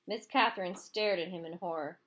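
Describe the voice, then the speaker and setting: A woman narrating a chapter of a novel aloud, expressive storytelling reading. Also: on the low side, brisk. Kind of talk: audiobook reading.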